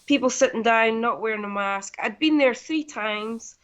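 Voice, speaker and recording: Woman cohost, sharp bright voice, blunt and a bit sweary. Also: fairly high pitch, moderate pace. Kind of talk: casual conversation.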